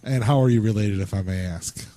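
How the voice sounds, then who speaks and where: A man's voice: fairly low pitch, fairly quick, mellow. A man co-hosting a radio talk show, asking questions in a rambling, joking way and often laughing. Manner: rambling, laughs at his own jokes. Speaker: radio co-host. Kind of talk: playful radio banter.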